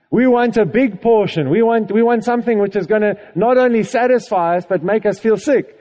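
Guy preaching, high mellow voice, chatty with lots of "okay?", big echoey church hall. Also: normal speed. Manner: conversational, with laughs and frequent "okay?" check-ins to the congregation. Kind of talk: sermon.

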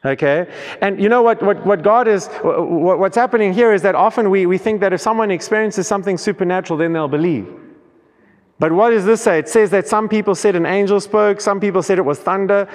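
A man with a high voice preaches a sermon, reading scripture aloud. He often restarts and repeats his words as he goes. His voice carries a long reverberation from the hall. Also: brisk.

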